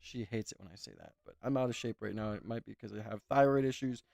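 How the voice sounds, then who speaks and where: Brief: gravelly-voiced male streamer, casual and chatty, keeps thanking viewers, dry sound. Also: on the low side, animated, fast talker, no room sound. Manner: warm thanks to viewers, oversharing. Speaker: streamer hosting a reaction stream. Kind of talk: casual chat.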